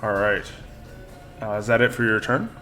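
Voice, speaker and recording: A man acting as game master on a live stream, narrating turns and damage in a relaxed, chuckling way. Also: lowish voice, moderate pace, faint music behind. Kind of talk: running a tabletop game.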